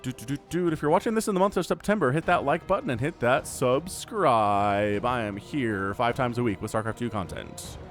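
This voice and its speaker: A man casting a video game match on his own, with energetic, playful play-by-play commentary. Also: medium pitch, moderate pace, few pauses. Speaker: esports caster. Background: faint background music.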